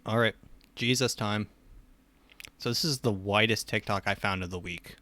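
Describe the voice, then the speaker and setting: A man's voice: fairly low pitch, normal speed, bright, forceful tone. A young man co-hosting a podcast, joking through casual banter and laughing often. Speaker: podcast co-host.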